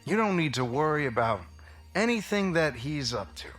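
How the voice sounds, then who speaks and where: A man voicing a slick male showbiz agent who flatters and reassures in a smooth-talking way. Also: a little high, moderate pace, soft background music. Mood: reassuring.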